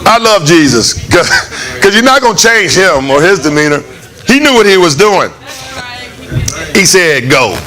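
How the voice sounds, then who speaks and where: A man preaching a conversational, animated sermon in church, acting out lines of the story. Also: high voice, takes it slowly, pauses often, a crowd in the background. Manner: animated, conversational, acts out voices with laughs. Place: church hall.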